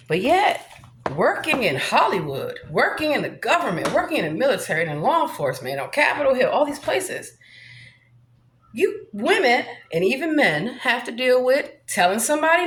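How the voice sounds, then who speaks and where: A woman's voice: high voice, fairly bright tone, roomy sound. A woman vlogging in a rambling monologue, brash and profane, swaggering as she talks.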